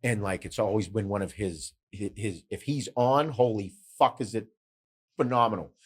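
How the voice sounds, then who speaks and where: A middle-aged man hosting a podcast in casual, animated chat, swearing freely and telling stories. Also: fairly low pitch, moderate pace, breathy edge. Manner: animated, swearing, storytelling with quoted voices. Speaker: podcast host.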